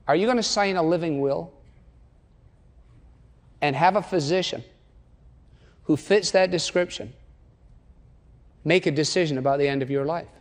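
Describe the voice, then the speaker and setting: Emphatic high-voiced older preacher. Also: male voice, moderate pace, long pauses. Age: 60s. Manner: animated rhetorical questioning, emphatic repetition. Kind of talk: sermon. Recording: long hall reverb.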